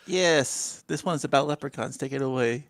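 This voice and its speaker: A man co-hosting a casual live-streamed podcast, joking and teasing, laughing at his own jokes, with a gravelly voice. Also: mid-range voice, moderate pace, a bit bright, dry recording, clean studio sound. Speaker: podcast co-host.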